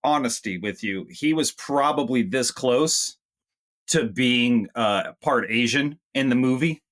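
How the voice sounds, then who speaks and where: A man's voice: medium pitch, a little slow, a bit bright. A man co-hosting a movie review chat, joking around and slipping into mock quotes. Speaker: movie review podcast co-host. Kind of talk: casual chat.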